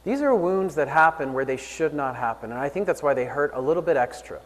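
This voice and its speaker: A man preaching a sermon, telling a story earnestly and rising and falling in pitch and volume. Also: animated, a little fast, long reverb tail, rough recording. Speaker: pastor.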